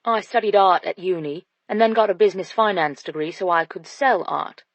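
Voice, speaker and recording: A woman reading an audiobook, voicing a confident, flirtatious British businessman with a low, teasing delivery. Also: brisk, dry recording, close to an everyday voice. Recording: dull dry studio sound.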